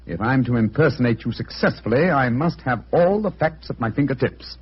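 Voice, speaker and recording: An actor playing a calm, clever detective, speaking in a brisk, precise and polite manner in 1940s radio acting. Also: male voice, mid-range voice, natural voice. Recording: dull old radio recording.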